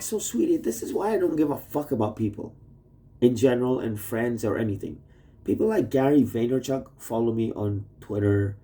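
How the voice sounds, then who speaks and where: A man's voice: mid-range voice, warm tone. A man rambling through a cursing, topic-hopping video message to his wife, indoors at home. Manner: rambling, profane, jumps between topics. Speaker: vlogger. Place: indoors, shared home with sleeping roommates.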